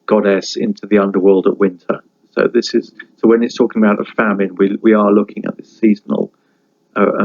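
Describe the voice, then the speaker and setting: A man giving a university lecture, halting with many fillers and restarts, stopping now and then to read a folk tale aloud. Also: on the low side, dull audio. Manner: reads folk tale aloud between comments.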